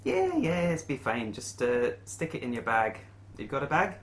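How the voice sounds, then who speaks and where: A man voicing an easygoing male quest giver in a tabletop game, speaking homely and hesitant with many pauses. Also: mid-range voice, wildly swooping pitch, crowd noise, pitched above the performer's own voice.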